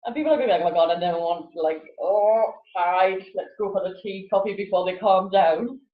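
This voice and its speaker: Chatting casually as an interview guest, a laughter yoga teacher talks fast in a mid-range voice. Her frequent laughter and lively impressions of voices come through an echoey recording that sounds lo-fi, like a phone.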